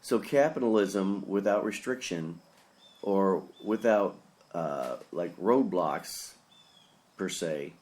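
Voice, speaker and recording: A man's voice: low voice, expressive, slow, a little mellow. A man, a pastor, giving a rambling, opinionated solo podcast commentary in a casual, earnest way.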